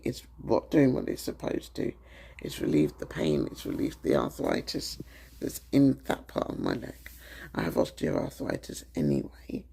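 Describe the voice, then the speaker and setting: Croaky British male vlogger, husky and mellow, talks openly to his phone with lots of ums. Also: mid-range voice. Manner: chatty and candid, with frequent ums. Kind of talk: casual chat to camera.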